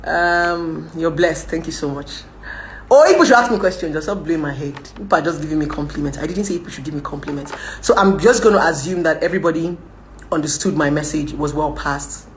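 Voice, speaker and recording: This young woman, Nigerian-accented, scolds her live-stream audience in a combative rant, breaking into Pidgin and frequently laughing. Her voice sits low and moves a little fast, with roomy sound and a bit of hiss or hum.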